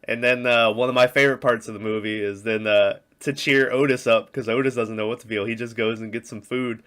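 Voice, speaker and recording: A man with a bright, forward voice co-hosts a casual movie podcast. He rambles with plenty of fillers, swears freely and jumps into quick silly voices to act out scenes. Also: mid-range voice, steady tone, clean tone. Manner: rambling, crude, acts out movie lines in voices. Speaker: podcast co-host.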